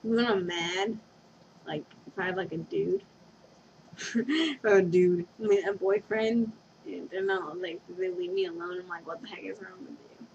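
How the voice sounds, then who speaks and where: Speaking at a measured pace with long pauses, a young woman with a lowish, slightly mellow voice drifts through a casual confession vlog at home. She's giggly and scatterbrained and keeps losing her thread, in a dull lo-fi webcam recording with a little hiss or hum.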